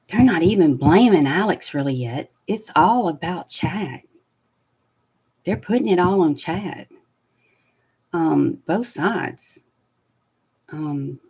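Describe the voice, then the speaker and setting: Brief: woman host, slightly low voice, casual trial commentary, blunt and foul-mouthed, animated delivery. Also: husky, low-quality recording. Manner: blunt, swearing, animated and opinionated.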